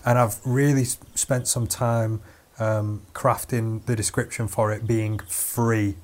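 A man's voice: fairly low pitch, level tone, takes it slowly, slight background noise. Young Englishman telling stories casually. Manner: storytelling, laughing, with lots of fillers. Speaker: podcast co-host. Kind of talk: casual chat.

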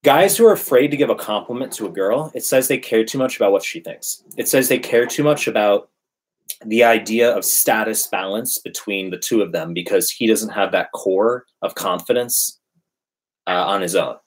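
A man's voice: on the low side, normal speed, husky. A man in casual conversation, emphatically preaching his dating advice. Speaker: dating coach. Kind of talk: casual podcast chat.

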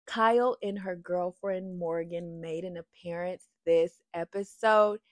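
Addressing y'all at home, a woman gives a casual, opinionated reality show recap in a lowish, unhurried voice with no echo. She's animated, sassy and chatty, sometimes bursting into song.

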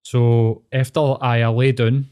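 A man's voice: medium pitch, flat delivery, a little slow, darkish tone, clear, resonant tone. A man with a Glasgow accent, a therapist telling a long story in casual, rambling chat, sweary and full of fillers. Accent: Scottish, Glasgow.

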